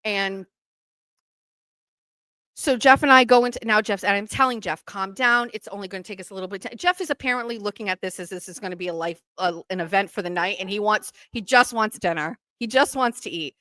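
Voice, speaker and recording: A woman, hosting a podcast and telling a story in casual, animated fashion, acting out what other people said. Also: mid-range voice, a little fast, dry recording. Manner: animated, acts out quoted voices. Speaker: podcast host.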